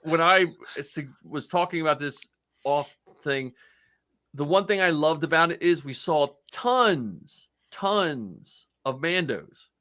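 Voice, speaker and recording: Bright-voiced, laughing casual co-host. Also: male voice, fairly high pitch, lively intonation, takes it slowly. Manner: laughs easily, rambling and loose. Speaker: podcast co-host. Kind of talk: casual panel chat.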